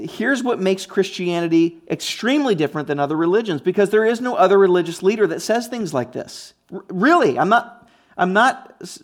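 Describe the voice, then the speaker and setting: A man preaching a sermon in a conversational, emphatic way, with frequent restarts and asides. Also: high-pitched. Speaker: pastor.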